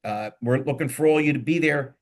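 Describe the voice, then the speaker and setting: Rambling joking Philly host. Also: male voice, a little high, fairly quick. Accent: Philadelphia. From Philadelphia. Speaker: podcast host. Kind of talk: casual panel talk.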